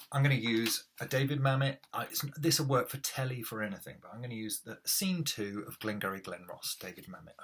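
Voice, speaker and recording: A middle-aged man coaching actors in a relaxed, chatty way, with a husky voice and plenty of ums. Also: on the low side. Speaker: acting coach. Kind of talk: casual instructional talk to camera.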